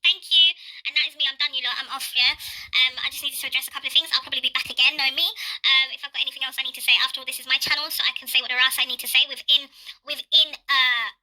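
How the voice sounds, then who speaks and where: Fast, sharp-voiced woman ranting. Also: sits high, fairly even intonation, rough recording. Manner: confrontational, profane, rapid-fire ranting. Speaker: vlogger. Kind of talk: direct-to-camera ranting vlog.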